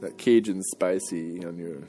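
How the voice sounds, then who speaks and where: A man's voice: low-pitched, steady tone, unhurried, warm tone. A man rambling through live stand-up banter and laughing at his own slips at a venue with an audience. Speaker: comedian and kirtan singer. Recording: live show with music and crowd. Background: guitar music and a crowd.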